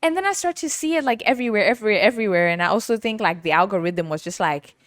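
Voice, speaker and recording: A woman's voice: mid-range voice, animated, racing, fairly bright tone, no echo. Chatty woman podcast host, dry sound. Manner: chatty, laughs often, playful roasting. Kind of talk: casual storytelling monologue.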